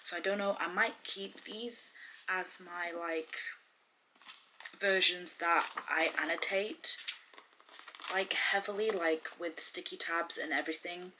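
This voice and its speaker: A woman's voice: fairly low pitch, steady tone, slow, background noise. A young woman chatting casually in a reading vlog, reacting aloud and talking about books. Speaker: book vlogger.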